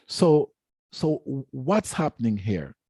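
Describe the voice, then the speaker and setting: A man's voice: medium pitch, very animated, takes it slowly, warm tone, husky, no echo, clean studio sound. A man giving a formal lecture on education, speaking emphatically and repeating words to stress his points. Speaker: education researcher giving a talk.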